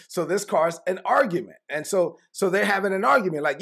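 Pastor, male, high gravelly voice, animated sermon delivery with slangy asides. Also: normal speed. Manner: animated, acts out biblical dialogue in casual slang.

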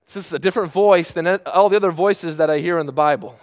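A middle-aged man preaching a sermon in a slightly high voice. He speaks earnestly, drawing some phrases out softly and pressing others with force. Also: fast talker. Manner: earnest, swings from hushed to emphatic.

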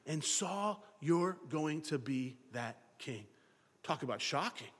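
High, lively preacher in an echoing hall. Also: male voice, slow pace, husky. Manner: animated, acts out characters' thoughts in dialogue. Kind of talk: sermon.

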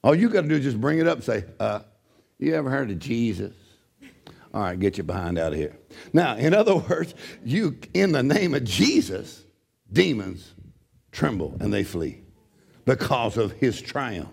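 A middle-aged pastor preaches a sermon in a gravelly voice at normal speed. He is very animated, swinging between loud shouting and low, joking asides.

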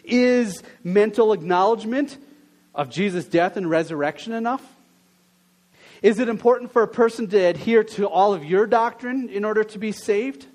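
Speaking in a high voice at a normal pace, a male pastor opens his sermon with a prayer, his tone dropping softer. He then turns earnest and questioning, putting a series of questions to the congregation.

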